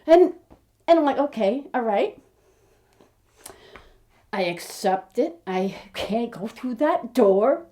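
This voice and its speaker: A fifty-year-old American woman talks straight to camera in a slightly high voice. She rambles and restarts, quirky and openly candid, as she recounts her journey as an aspiring actress. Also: slow pace, pauses often, a little hiss or hum. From United States. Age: 50s. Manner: rambling, quirky, animated storytelling with frequent restarts. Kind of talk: casual chat to camera.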